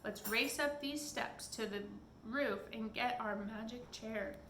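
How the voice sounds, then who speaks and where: A woman's voice: on the high side, slow, a bit bright, slight background noise. A woman voicing a bold, eager young boy who speaks up bravely, in an echoey room. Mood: urgent. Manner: bold, urgent.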